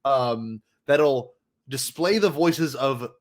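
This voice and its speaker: A man's voice: medium pitch, slow pace. Playful man co-hosting a podcast. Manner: playful, cuts in with jokes. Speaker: podcast co-host. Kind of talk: casual chat.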